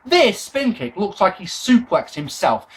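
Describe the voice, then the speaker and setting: A male wrestling reviewer talking straight to his audience in a loose, casual monologue. He is sarcastic and sweary, and exasperated by what he is watching. His voice is lively, jumping up high and dropping low as he goes. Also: a little slow.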